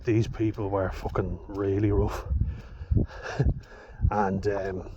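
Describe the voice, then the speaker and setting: With a fairly low voice, this Irish vlogger draws out his words as he talks casually and at length. Profanity and conversational digressions run throughout. The audio is lo-fi and flat, with a constant noise floor.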